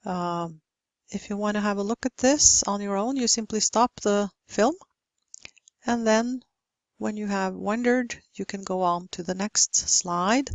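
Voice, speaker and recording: Slow, measured woman lecturing. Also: medium pitch, no room sound. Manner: explanatory, models example words one by one. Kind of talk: recorded slide lecture on pronunciation.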